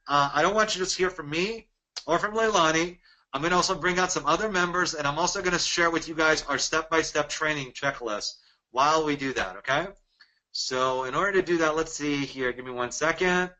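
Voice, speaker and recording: Male webinar host, slightly high bright voice, hard-selling, keeps asking "right?". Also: fairly quick, poor audio. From Dallas, Texas. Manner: energetic, persuasive, rhetorical questions. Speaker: webinar presenter. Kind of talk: sales pitch webinar.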